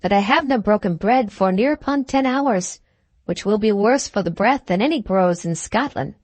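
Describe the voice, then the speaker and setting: A woman reading the part of a proud, hot-tempered Highland gentleman, talking in a formal and touchy way. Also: normal speed, no room sound, natural voice. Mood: stiffly formal.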